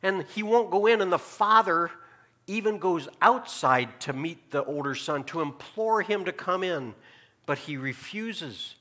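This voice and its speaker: A man preaching a sermon as pastor, asking the congregation questions and dropping to a hushed tone to make a point. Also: high voice, expressive, unhurried. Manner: preaching with rhetorical questions and sudden drops to a hushed tone. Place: church sanctuary.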